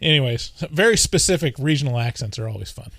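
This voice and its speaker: A man's voice: mid-range voice, animated, a bit bright, no room sound. A man co-hosting a casual podcast chat, joking and rambling as he talks. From US West Coast. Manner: jokey, rambling, quick to laugh. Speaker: podcast co-host.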